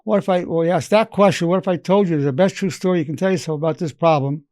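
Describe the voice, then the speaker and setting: A man in his eighties, a psychologist, tells fast-paced stories about patients and what they told him, quoting them in his own voice to teach a lesson. His pitch is fairly high and his tone darkish. The audio is studio quality with no room sound.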